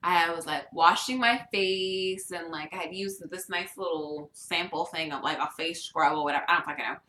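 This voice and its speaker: A young woman co-hosts a casual podcast chat, animatedly telling a story full of swearing and laughter. Her voice is on the low side at a moderate pace, and the sound is roomy.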